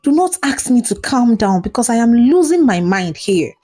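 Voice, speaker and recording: A woman's voice: a little high, very animated, normal speed, mellow, soft background music, pitched above the performer's own voice. A woman voicing a frightened seventeen-year-old girl who pleads in panic. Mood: panicked, angry. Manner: pleading, rising and breaking with panic.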